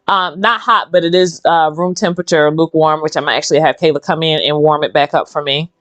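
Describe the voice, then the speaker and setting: A woman's voice: low voice, fast talker, no echo. A woman, hosting a casual, rambling chat while she does her own nails. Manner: chatty, rambling and animated. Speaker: host.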